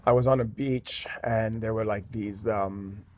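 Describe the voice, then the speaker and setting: A man's voice: fairly low pitch, fairly even intonation, unhurried, a little mellow, a little hiss or hum. A man, a guest shaman in an interview, telling a story earnestly with many fillers. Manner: earnest, with frequent "um" and "like".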